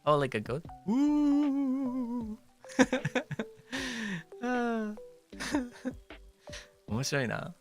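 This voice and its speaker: A playful young man chatting on a stream who laughs easily and mixes two languages. His delivery is lively and swinging, with a slightly gravelly texture and quiet music in the background. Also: very high voice, extremely slow, long pauses. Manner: playful, laughs often, switches between English and Japanese. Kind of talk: casual chat stream.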